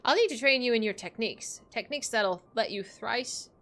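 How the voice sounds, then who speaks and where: A woman voicing a sly, menacing older woman who leads a gang, reading game dialogue aloud with silky, drawn-out threats over faint game music. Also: on the high side, fairly bright tone.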